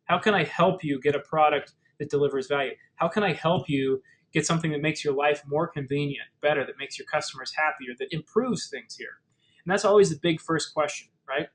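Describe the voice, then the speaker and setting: A man with a somewhat high-set voice walks listeners through practical advice in an easy, conversational webinar tone. He pads his sentences with fillers and often restarts mid-phrase. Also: fairly bright tone, rough recording. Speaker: webinar presenter. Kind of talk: casual explanatory webinar talk.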